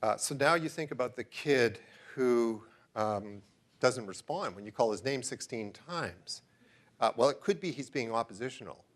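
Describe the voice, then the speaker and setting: A man's voice: medium pitch, animated, normal speed. A middle-aged man giving an enthusiastic, digressive lecture in a room full of listeners, often stopping to ask them questions. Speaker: researcher giving a talk. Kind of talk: lecture to a live audience.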